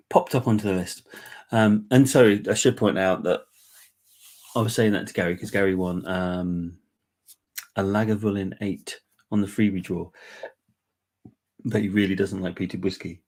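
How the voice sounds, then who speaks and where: Husky, congested man hosting. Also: on the low side, normal speed, pauses often. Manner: relaxed, chatty, many ums and asides. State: congested, bunged up. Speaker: whisky giveaway livestream host. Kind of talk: casual live chat.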